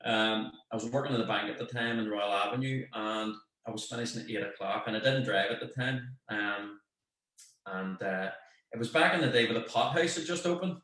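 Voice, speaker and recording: A man with a Northern Irish accent telling a lively anecdote in casual chat, acting out what people said. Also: lowish voice, brisk. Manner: animated anecdote, acts out quoted voices. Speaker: guest, football manager. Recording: very echoey room.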